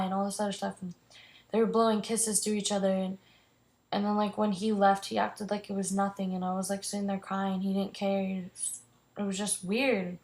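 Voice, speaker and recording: A woman's voice: mid-range voice, little pitch movement, a little fast. Teen girl, casual vlog storytelling, rambling, lots of "like", restarts. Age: teens. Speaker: vlogger.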